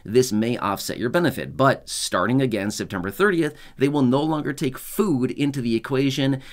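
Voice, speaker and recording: A man's voice: mid-range voice, lively intonation, moderate pace. Male host, casual explainer; chatty, self-correcting, laughs at his own quips. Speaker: channel host explaining benefits news.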